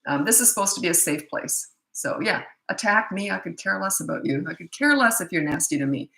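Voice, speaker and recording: A woman's voice: lowish voice, animated, a little fast, gravelly, bright, forceful tone, reverberant, low-quality recording. A middle-aged woman parenting coach answering questions in a blunt, opinionated, casual way. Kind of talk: casual Q&A talk to camera.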